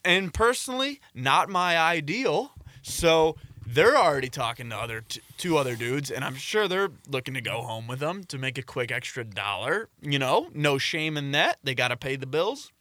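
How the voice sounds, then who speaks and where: Young male storyteller, bright forceful tone, dry close sound, lively acted-out quotes. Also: fairly high pitch, moderate pace, few pauses, dry recording. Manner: animated storytelling, acting out quotes. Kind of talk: casual podcast chat.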